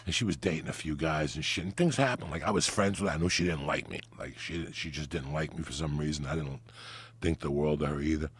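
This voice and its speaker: A man's voice: very deep voice, fast, husky, no echo. A middle-aged man from New Jersey, a podcast guest telling raunchy, profane stories and acting out the quoted lines. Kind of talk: raunchy storytelling. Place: podcast studio.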